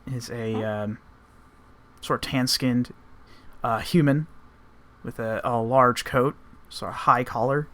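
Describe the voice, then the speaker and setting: A man narrating as game master, relaxed with many fillers, voicing characters along the way. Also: medium pitch, slow, pauses often.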